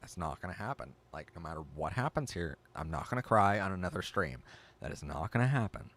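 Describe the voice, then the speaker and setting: An excitable man hosting a casual livestream, reading chat aloud and reacting with gasps. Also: low-pitched, fairly quick. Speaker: livestream host.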